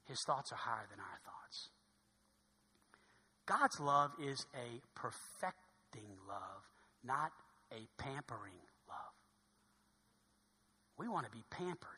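A man, a pastor preaching a sermon in a church sanctuary, swinging from loud exclamations to hushed tones. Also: medium pitch, sing-song, slow, pauses often, slightly rough. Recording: long hall reverb.

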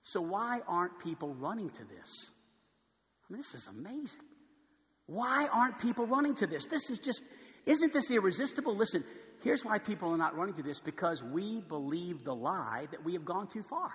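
High-voiced preacher in a reverberant hall. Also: male voice, very animated, normal speed. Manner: dynamic delivery, swinging from hushed pleading to loud proclaiming. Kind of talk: sermon.

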